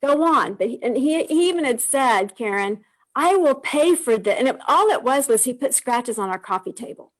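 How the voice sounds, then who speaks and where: A woman's voice: high voice, animated, normal speed. Earnest woman telling her story. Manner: earnest, heartfelt storytelling with restarts. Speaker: guest sharing her testimony. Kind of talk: emotional personal testimony on a live stream.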